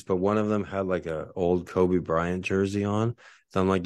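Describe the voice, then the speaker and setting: Deep-voiced man rambling through a story. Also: fairly even intonation, a little fast, darkish tone, dry recording, clean studio sound. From Texas. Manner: rambling, filler-heavy, many restarts. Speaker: writer telling a story. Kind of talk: casual spoken storytelling.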